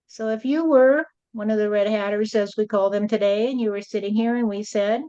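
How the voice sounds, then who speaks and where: A woman's voice: mid-range voice, a little fast, warm tone, smooth, dull audio. A woman channeling a spirit and speaking as God, blunt and lecturing, often adding "you see".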